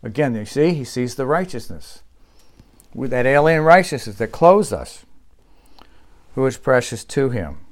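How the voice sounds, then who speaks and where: A male pastor preaching a sermon, with emphatic insistence that drops to quiet, low asides. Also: very animated, unhurried, pauses often.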